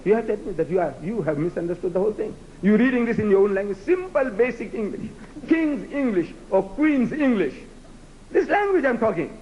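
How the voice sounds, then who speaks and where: A South African man whose first language is Gujarati gives a rhetorical, challenging public lecture to a live audience, acting out debates with mock voices. His voice sits high with lively intonation and a brisk pace, a little mellow. The recording is muffled with a little hiss or hum.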